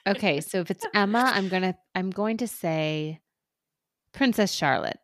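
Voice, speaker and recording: A woman's voice: medium pitch, moderate pace, no room sound, studio quality. A woman co-hosting a casual podcast chat, easygoing and self-deprecating. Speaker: podcast co-host.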